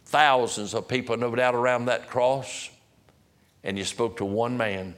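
A man preaching a sermon as pastor, swinging from loud emphatic peaks to hushed, slow drops. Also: medium pitch, fairly even intonation.

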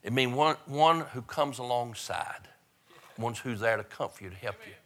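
An older man, preaching a funeral sermon as a pastor, his delivery swelling up and dropping quietly. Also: mid-range voice, lively intonation, moderate pace.

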